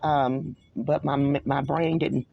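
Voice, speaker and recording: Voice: mid-range voice, fairly even intonation, slow pace, gravelly, slightly rough, dry recording, dull audio. A host in their forties from New York, talking alone through a scripture study in a rambling, digressive way and correcting themselves as they go. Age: 40s. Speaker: online show host. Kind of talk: solo scripture study talk.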